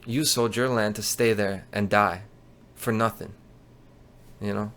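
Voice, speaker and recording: Profane, ranting man with a low voice. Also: steady tone, a little slow, fairly bright tone. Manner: angry, profane, contemptuous. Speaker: show host. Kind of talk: ranting commentary.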